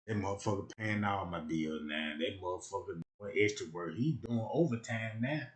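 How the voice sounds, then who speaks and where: A man streaming live, riffing in a rambling comedic rant that swings between loud outbursts and low mutters, checking in with his listeners again and again. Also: normal speed. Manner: rambling, keeps asking "you know what I'm talking about".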